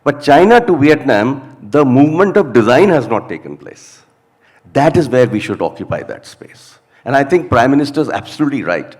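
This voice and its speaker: A man's voice: mid-range voice, big pitch swings, normal speed, darkish tone. A man answering firmly as a panelist in a discussion. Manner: emphatic, firm opinions.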